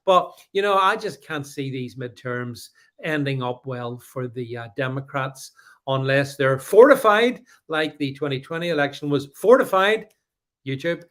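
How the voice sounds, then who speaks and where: A man co-hosting a podcast, chatting casually about politics and reading out live comments, with many restarts. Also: medium pitch. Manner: halting, many restarts, animated. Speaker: podcast co-host.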